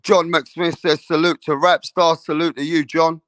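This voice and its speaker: A man's fairly high voice, loose and profane, hyping up his chat on a boxing livestream. The sound is dry and close, with little room in it. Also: level tone, a little slow, dry recording. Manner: loose, profane, hypes up chat with shout-outs. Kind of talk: casual livestream chat reading comments.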